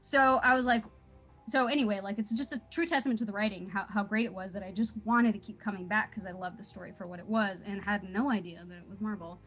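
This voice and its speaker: A woman's voice: mid-range voice, fairly even intonation, fast talker, a bit bright, faint music behind. A young woman telling a story in a casual interview, bubbly and laughing often, full of fillers. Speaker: voice actor guest.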